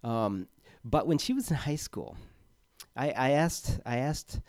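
Mellow-voiced man preaching a halting sermon. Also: mid-range voice, expressive, no room sound, studio quality. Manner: halting, with frequent fillers and repeated words. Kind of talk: conversational sermon.

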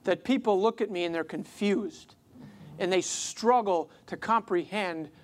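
Brief: earnest pastor preaching a sermon, mid-pitched, conversational, casual fillers. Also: measured pace.

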